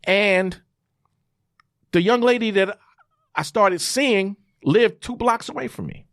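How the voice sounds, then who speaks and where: A man's voice: high voice, takes it slowly, vocal fry, a bit bright. A man testifying about his life in an interview, repeating and emphasizing phrases like a preacher. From New York. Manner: acts out God's and his son's voices. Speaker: interview guest. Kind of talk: testimonial storytelling.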